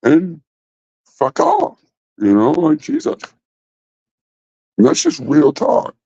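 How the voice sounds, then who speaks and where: A man's voice: a little high, very animated, slow, mellow, no room sound. A man hosting a casual livestream from his phone, rambling and swearing bluntly. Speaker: livestream host. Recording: dull lo-fi phone audio.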